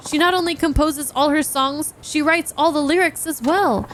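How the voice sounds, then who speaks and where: A woman voicing a polite, formal male secretary and bodyguard, speaking in a measured way while reading game dialogue. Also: sits high, fairly bright tone, slight background noise.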